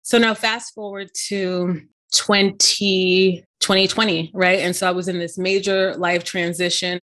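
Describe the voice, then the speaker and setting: A woman's voice: lowish voice, level tone, moderate pace, fairly bright tone. A middle-aged woman telling a personal story in casual conversation, full of "you know" and "right?" asides. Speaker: podcast co-host.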